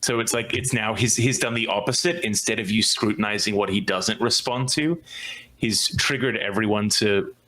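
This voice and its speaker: Low voiced podcast dude, punchy bright tone, rambly and teasing. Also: male voice, normal speed, low-quality recording. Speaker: podcast co-host. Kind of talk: casual chat.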